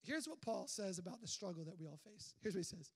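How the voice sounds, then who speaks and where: A man preaching a sermon in an energetic, conversational way, full of rhetorical questions and quick restarts. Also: high-pitched. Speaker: pastor.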